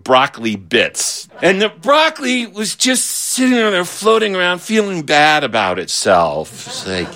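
A man spinning a comic childhood tale with an animated, playful delivery. His voice is bright and sits a little high. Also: measured pace, hardly any pauses. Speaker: storyteller. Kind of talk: humorous storytelling.

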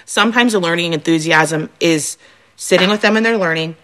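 A woman in her thirties, a mother of young children, talking as a guest on a radio show and telling parenting stories with animated enthusiasm. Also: lowish voice, a little fast. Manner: animated storyteller, warm and enthusiastic. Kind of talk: casual radio talk.

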